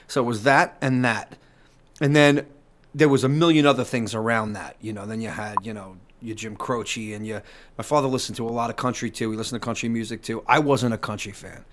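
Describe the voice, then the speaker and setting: A middle-aged man, a musician guest telling animated stories in a casual interview, swearing and rambling with restarts. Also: medium pitch, a little fast. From New York.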